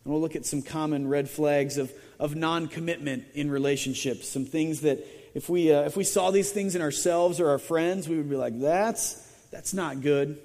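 A man preaches to a congregation in a loose, storytelling manner, stumbling over repeated words and dropping dry little jokes. His voice sits a touch high for a man and rings out with the long reverb of a big hall. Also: a little mellow. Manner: conversational storytelling with frequent stammered restarts and wry asides. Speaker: pastor. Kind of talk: sermon.

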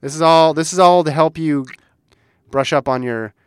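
A man's voice: fairly high pitch, moderate pace, clean tone, no echo, clean studio sound. Playful man quizzing his co-host. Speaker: podcast co-host. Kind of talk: casual chat.

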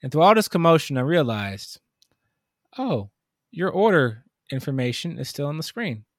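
Man, casual storyteller, slightly high voice, dry room. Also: normal speed, no room sound. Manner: animated storytelling, mimics customers. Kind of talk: casual chat.

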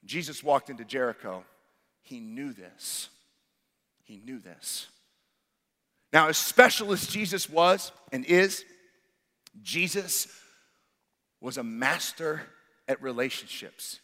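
A man, a pastor, preaching a sermon that swings from loud exclamations to hushed, intimate passages. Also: medium pitch, expressive, takes it slowly, pauses often, big-room sound.

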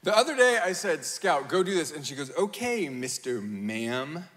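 Preaching in a large, reverberant hall, this man in his thirties has a high, bright, forceful voice and talks a little fast. His sermon is full of lively storytelling, with acted-out quotes and laughter at his own expense.

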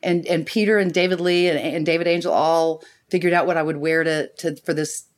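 Lively storytelling actress. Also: female voice, deep voice, brisk. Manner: animated storyteller, laughs often, acts out quotes. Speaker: guest actress. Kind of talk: casual anecdote telling.

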